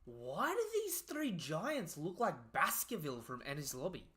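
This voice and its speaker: Young guy doing live reaction commentary, hyped and slangy, kinda high bright voice, keeps restarting his sentences. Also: unhurried. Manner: excitable, slangy, breaks off and restarts mid-sentence. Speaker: manga reaction host.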